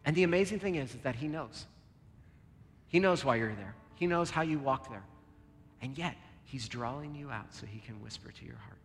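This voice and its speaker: An earnest male pastor preaches and prays, pressing some words hard and dropping others to a hushed near-whisper. His voice sits at an ordinary middle pitch and trails a long reverb through a church hall. Soft guitar plays underneath. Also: a little fast, vocal fry. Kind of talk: sermon and closing prayer.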